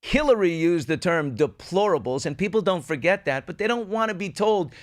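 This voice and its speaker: Man, middle-aged, fairly high voice, sardonic, animated host banter. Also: fairly quick. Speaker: talk show host. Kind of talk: casual political commentary.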